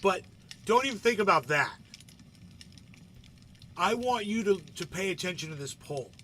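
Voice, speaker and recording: A man's voice: high-pitched, lively intonation, normal speed, bright, forceful tone, slight background noise. Rambling, profane man hosting a livestream. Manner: rambling, profane, keeps asking "right?". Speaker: livestream host. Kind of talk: casual live commentary.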